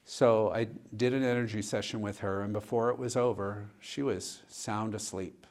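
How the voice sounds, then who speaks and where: A man, a pastor, telling a personal story in a relaxed conversational way during a discussion, often retelling dialogue. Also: on the low side, normal speed. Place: church.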